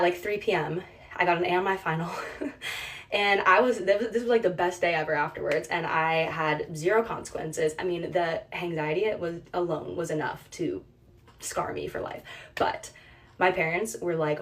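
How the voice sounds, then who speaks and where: A woman's voice: on the low side, a little fast, distant mic. A young woman casually telling a funny college story, chatty and full of "like", laughing at herself as she goes. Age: young adult.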